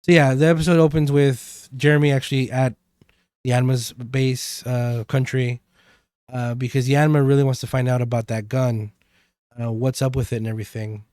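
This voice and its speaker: Casting note: man in his own voice, mid pitch, rambling podcast recap, dry close sound. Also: level tone, moderate pace, darkish tone, clear, resonant tone, dry recording. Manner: rambling, many fillers. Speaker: podcast co-host. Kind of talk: casual chat recapping a TV episode.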